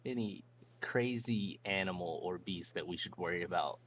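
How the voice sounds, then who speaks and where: Deep-voiced man on a dull, humming mic. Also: normal speed, fairly bright tone, a little hiss or hum. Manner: eager, rambling with fillers. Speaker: player. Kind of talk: tabletop role-play.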